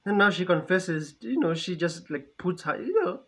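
A movie reaction reviewer gives chatty, casual commentary on a film, laughing often and repeating phrases as he goes. His voice sits high and is expressive, a bit bright and husky, at a moderate pace.

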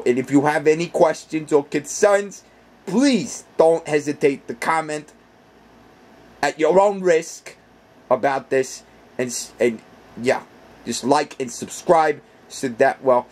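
A man voicing a small, foul-mouthed male teddy bear with anger issues, ranting in a comedic puppet vlog with a husky voice. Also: mid-range voice, darkish tone, natural voice. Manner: ranting, vengeful, over-the-top.

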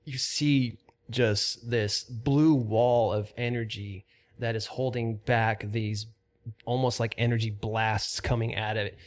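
A man's voice: medium pitch, fairly even intonation, slow pace. A man narrating a tabletop game as game master, describing scenes steadily with frequent fillers.

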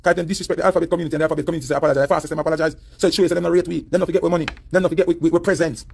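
A man with a Jamaican accent talks fast in a husky, gravelly voice. He rants in a heated, preachy way and keeps hammering the same points. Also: on the high side, fairly even intonation, darkish tone. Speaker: online commentator. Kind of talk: ranting commentary.

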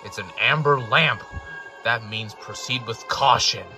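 A man's voice: medium pitch, measured pace, sharp tone. Guy as a chill train driver, just stating stuff, music in the back. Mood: matter-of-fact. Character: plain-spoken male train driver. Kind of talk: improv parody redub.

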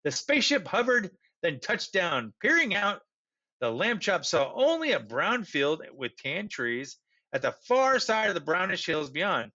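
A man, a teacher, reading a children's storybook aloud with expressive narration. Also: high voice, unhurried, lo-fi sound.

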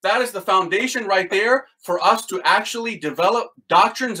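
A man teaching a Catholic devotional series with excited commentary on quotes, then leading a litany prayer. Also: high voice, moderate pace, few pauses, poor audio. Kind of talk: enthusiastic spiritual teaching and prayer.

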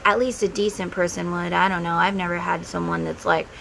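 A woman's voice: lowish voice, level tone, fairly quick, creaky, fairly bright tone, a little hiss or hum, poor audio. A middle-aged woman who runs a spiritual vlog, talking to viewers in a casual, heartfelt way. She gives earnest advice and speaks straight to the viewer. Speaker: tarot and spiritual vlogger.

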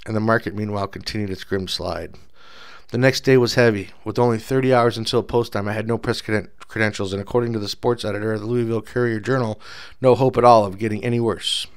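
A man narrating a first-person story as an audiobook in a dry, measured, low-key voice. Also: fairly even intonation, clean tone.

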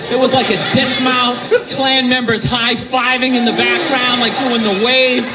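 High-voiced male stand-up comedian. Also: moderate pace. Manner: animated, shouting punchlines, mocking. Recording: live club set with crowd laughter and noise. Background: audience laughing.

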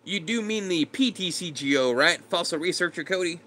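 Bright, high-voiced casual streamer. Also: male voice, expressive, a little fast. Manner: laid-back, chatty, greets viewers by name. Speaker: streamer reading chat. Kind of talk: casual live stream chat.

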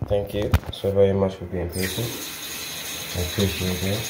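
A man's voice: low voice, flat delivery, normal speed, heavy background noise. A man vlogging in casual chat, joking and laughing often.

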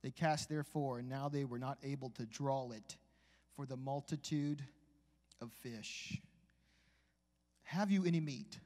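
A man preaching a live sermon in a church, with folksy asides, building from a conversational tone to shouted exhortation. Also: mid-range voice, a little slow, pauses often. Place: church sanctuary. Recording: long church hall reverb.

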